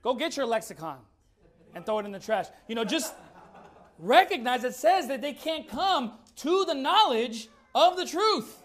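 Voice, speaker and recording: A man preaching a sermon, firing rhetorical questions and reading scripture slowly and deliberately. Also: extremely high pitch, sing-song, fairly bright tone. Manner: emphatic, fires rhetorical questions.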